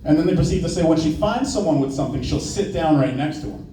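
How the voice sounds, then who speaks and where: A young male comic tells loose, profane stories in a fairly high voice with a dark, mellow tone. He stands back from the mic, so the sound is roomy and echoey, with a faint hiss underneath. He slips into quick put-on voices while he tells stories. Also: lively intonation, far from the mic. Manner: casual, profane storytelling with brief put-on voices. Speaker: stand-up comedian. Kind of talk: stand-up set. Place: small open-mic room.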